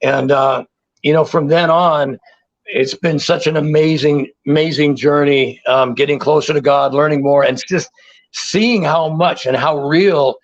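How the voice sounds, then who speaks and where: A man in his sixties, a guest telling stories in a casual interview, animated and repeating words for emphasis. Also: a little high, unhurried, dull audio. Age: 60s.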